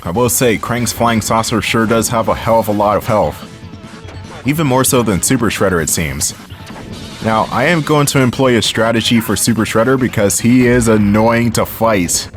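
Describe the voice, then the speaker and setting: A man's voice: on the low side, moderate pace, soft background music. A man giving casual, sarcastic gameplay commentary, often laughing at his own jokes. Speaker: let's play commentator.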